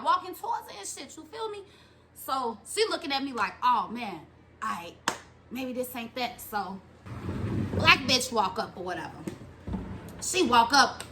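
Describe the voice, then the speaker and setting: Animated, foul-mouthed young woman telling a story. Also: on the high side, moderate pace, noisy background. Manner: animated, profane, acts out other people's lines in raised voice. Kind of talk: casual storytime vlog.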